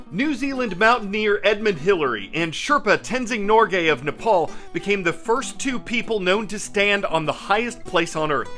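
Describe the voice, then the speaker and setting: A man hosting a news show, reading scripted narration in a crisp, measured delivery. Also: sits high, pushed and bright.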